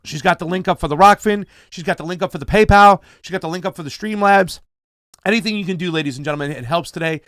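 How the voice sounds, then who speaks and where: Hyped and upbeat, a man hosts a casual livestream, reading out donor names, thanking them, calling viewers fam, and urging everyone to share. His high-pitched voice moves quickly and sounds a bit bright on a dry recording.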